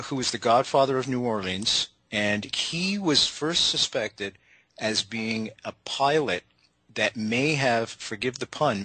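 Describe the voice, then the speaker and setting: A man's voice: on the low side, sharp tone, husky, no room sound, low-quality recording. A male talk show host who breaks in to explain background directly to his listeners.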